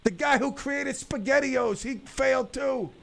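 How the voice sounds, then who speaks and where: A man's voice: extremely high pitch, a little slow, gravelly, fairly bright tone. A man in his fifties hosting a radio talk show, joking and rambling through stories with lots of restarts, into a studio microphone. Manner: jokey, rambling storyteller with many restarts. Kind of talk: casual talk radio banter.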